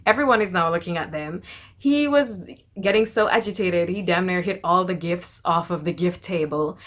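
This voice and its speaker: A young woman casually recapping a TV episode, chatty and animated, quoting the characters in quick bursts. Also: fairly low pitch. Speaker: TV episode reviewer.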